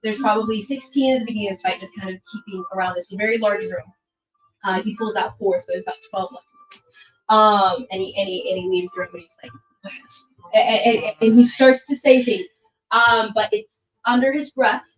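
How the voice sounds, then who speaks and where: A woman's voice: medium pitch, fairly even intonation, normal speed. A woman game master narrates a tabletop scene in a loose, rambling way, with many restarts. The audio is slightly dull, and faint music plays in the background. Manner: rambling, filler-heavy narration.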